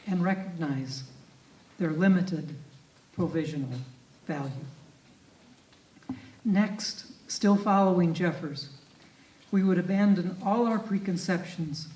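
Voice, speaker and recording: A man reading a lecture paper aloud and reciting poetry, in a measured, deliberate way that leans on key words. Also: high-pitched, a little mellow. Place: festival talk in a club meeting hall. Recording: echoey room from a distant mic.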